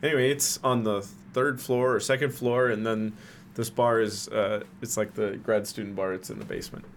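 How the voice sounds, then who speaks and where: A man's voice: fairly low pitch, fairly even intonation, normal speed, a little hiss or hum. A man co-hosting a casual group chat, joking and laughing as he talks. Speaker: co-host.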